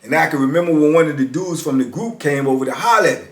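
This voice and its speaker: A man's voice: on the high side, animated, fast. Man telling prison stories in a roomy room. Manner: laid-back, conversational, heavy use of "man". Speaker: storyteller. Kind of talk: casual spoken storytelling. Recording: roomy echo.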